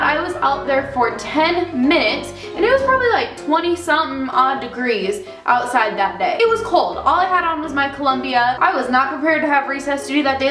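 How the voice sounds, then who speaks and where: A young woman vlogger telling a story about her daycare job, chatty and animated, acting out the people in it. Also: high voice, reverberant, distant mic, low-quality recording. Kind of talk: casual storytelling vlog.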